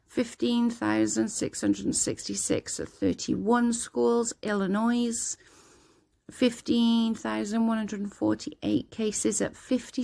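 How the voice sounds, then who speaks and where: A woman's voice: a little high, gravelly, darkish tone. A woman reading statistics aloud off the cuff, stumbling over names and breaking in with small reactions. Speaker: video host reading out statistics. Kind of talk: casual reading aloud with comments.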